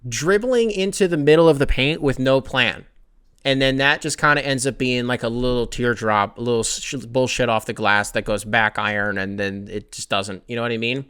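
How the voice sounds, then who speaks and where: A man's voice: mid-range voice, sharp tone. A young man hosting a sports podcast, ranting casually with profanity, rambling asides and self-corrections.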